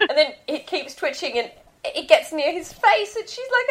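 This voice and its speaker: A woman's voice: very high voice, moderate pace. Giggly woman podcast host. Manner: giggly, animated when quoting scenes. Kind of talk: casual fan podcast chat.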